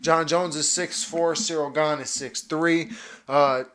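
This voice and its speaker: Excited man breaking down a fight. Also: fairly high pitch, slow. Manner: enthusiastic, repeats words and restarts often. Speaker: podcast host.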